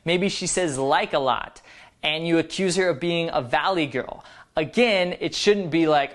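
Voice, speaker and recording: A man's voice: on the high side, unhurried. A man as a dating coach giving scripted video advice in a confident, instructive way. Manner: confident, instructive, emphatic counting-down delivery.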